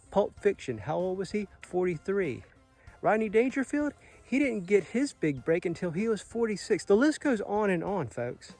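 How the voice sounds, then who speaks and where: His fairly high, slightly mellow voice carries an earnest, motivational message. The speaker, a vlogger in his late forties, is outdoors on a Caribbean island and swears casually.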